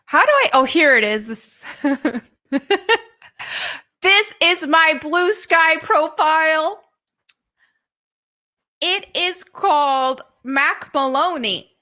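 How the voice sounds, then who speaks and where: A woman's voice: high voice, expressive, extremely slow, pauses often, bright, forceful tone. A woman hosting a live stream in a casual chat, giggling often and mocking what she reads.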